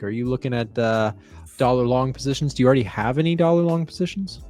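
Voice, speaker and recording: A man's voice: mid-range voice, brisk, a little mellow, soft background music. A man hosting live market commentary, explaining economic data and questioning a guest. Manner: conversational, explains and asks questions. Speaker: trading show host.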